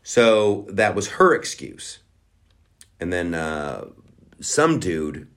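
Male podcast host, lowish voice, crude sarcastic rambling delivery. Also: very animated, drawn-out words, long pauses, a bit bright. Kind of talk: crude comedic rant.

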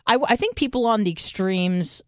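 A woman's voice: medium pitch, lively intonation, normal speed, dry recording, studio quality. A woman co-hosting a podcast, chatting casually, swearing freely and thinking aloud with restarts. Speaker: podcast co-host. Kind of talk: casual chat.

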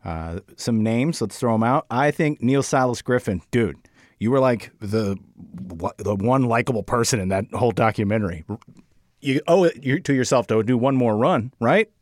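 A man's voice: mid-range voice, expressive, moderate pace, no echo, clean studio sound. A man co-hosting a podcast, chatting in an upbeat, slangy way and urging people on. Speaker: podcast co-host. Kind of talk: casual political chat.

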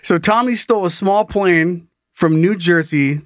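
A man's voice: sits high, measured pace, dry recording, clean studio sound. A man hosting a podcast, telling a story dramatically with swearing and laughs, in a casual chat style. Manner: animated, swearing, laughing at his own story. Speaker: podcast host.

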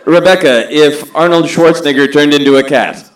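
A man's voice: fairly high pitch, a little fast, background noise. A man hosts a comedy podcast game in a loose, teasing way, laughing often between questions. He sounds a little tipsy as he hands out points. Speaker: game show host. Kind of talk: casual comedy podcast banter.

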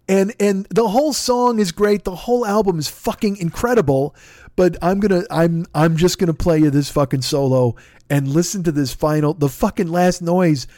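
Man, podcast host, casual music chat, cursing a lot, excitable fan, fairly high voice, dry sound. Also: moderate pace, dry recording. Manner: excitable, heavily profane, fan gushing.

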